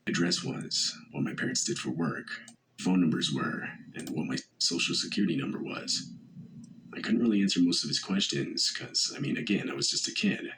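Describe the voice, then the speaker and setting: A man narrating a first-person horror story in a steady, measured way. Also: deep voice, a little hiss or hum, low-quality recording. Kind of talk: scripted narration.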